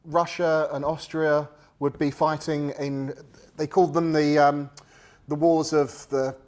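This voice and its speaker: A man who tells wargaming history in a casual, halting way, full of restarts and playful asides. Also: on the high side. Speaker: wargaming hobbyist explaining history. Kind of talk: casual conversation.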